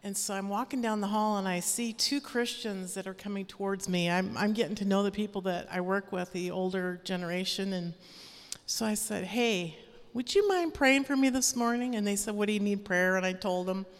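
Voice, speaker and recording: A woman sharing an earnest, animated personal testimony as a praise report at a church gathering. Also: medium pitch. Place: church hall. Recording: long reverb of a hall.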